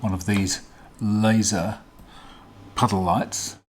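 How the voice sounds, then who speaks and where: A man hosting a casual teardown demonstration, talking in a relaxed, hesitant way with frequent ums as he explains. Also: lowish voice, takes it slowly. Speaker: vlog host.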